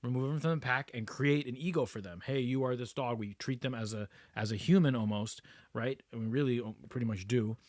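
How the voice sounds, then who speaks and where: A man co-hosting a podcast, chatting in a relaxed way and laughing easily. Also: medium pitch, fairly quick, no echo. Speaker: podcast co-host. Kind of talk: casual spiritual discussion.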